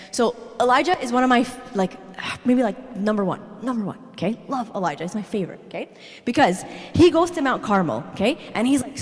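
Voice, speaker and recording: A woman giving an animated, chatty sermon talk to young people, constantly checking "okay?". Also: on the high side, big-room sound. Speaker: church youth speaker.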